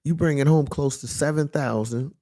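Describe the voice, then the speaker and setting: A young man speaks in a relaxed, conversational monologue, his voice gravelly with fry and set a little high for a man. He talks, and he keeps checking in with his listener. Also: moderate pace. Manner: conversational, repeats "you know what I'm saying" and "you feel me". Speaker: motivational speaker. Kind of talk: casual monologue.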